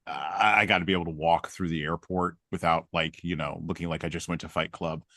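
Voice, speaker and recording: Very deep-voiced middle-aged man, dry sound. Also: fairly even intonation, fairly quick, bright, forceful tone, no echo. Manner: self-deprecating, wry storytelling with chuckles. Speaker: podcast host. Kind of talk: casual chat.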